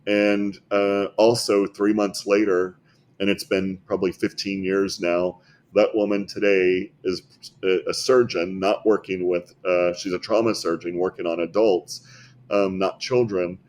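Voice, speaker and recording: A man's voice: low voice, little pitch movement, measured pace, darkish tone. A man, a health clinic founder, earnestly telling patient stories as a guest in a podcast interview, often repeating words as he goes.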